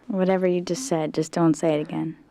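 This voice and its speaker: An actress playing a curt, fed-up receptionist with a deadpan delivery. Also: female voice, on the low side, a little fast, gravelly, a crowd in the background. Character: dry, fed-up female office receptionist.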